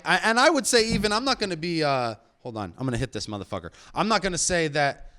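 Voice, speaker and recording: A man's voice: on the high side, sing-song, quick pace, bright, forceful tone. A man hosting a rowdy casual podcast, rambling and profane, stumbling through fillers and restarts while drinking with his co-hosts. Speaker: podcast host. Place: home studio with co-hosts, drinking.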